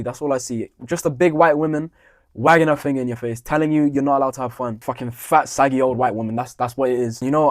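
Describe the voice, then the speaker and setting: A man's voice: medium pitch, darkish tone, dry recording, clean studio sound. A young adult man, telling a profane, heated story in a blunt monologue. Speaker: vlogger.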